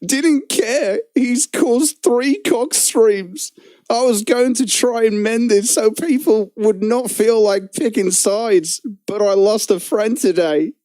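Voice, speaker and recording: A man mimicking a whiny, aggrieved young man who talks in a slow, wounded, plaintive way. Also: sits high, dark tone, dry recording, voice pushed up.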